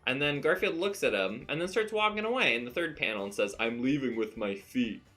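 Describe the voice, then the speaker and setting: A man's voice: medium pitch, animated, brisk, sharp tone, faint music behind. A man casually reviewing comic strips, rambling and laughing as he reads them out. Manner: rambling, laughs at his own reading. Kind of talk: casual commentary.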